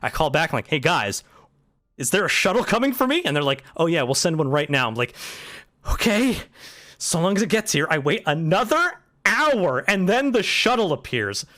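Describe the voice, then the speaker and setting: Animated young man ranting a story. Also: fairly high pitch, moderate pace. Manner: animated ranting, swears, acts out both sides of the exchanges. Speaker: streamer telling a travel story. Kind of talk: casual storytelling chat.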